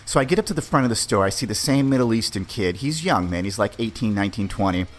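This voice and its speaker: A man's voice: lowish voice, lively intonation, fast talker, soft background music. A man hosting a podcast, telling a personal story in a laid-back, profane, conversational way. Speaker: podcast host. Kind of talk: casual storytelling.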